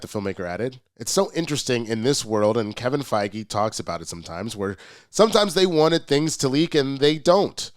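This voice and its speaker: A man's voice: mid-range voice, expressive, fairly quick. A man hosting a pop culture commentary show, congested from a cold, speaking casually and with energy, with frequent uh restarts. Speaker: host.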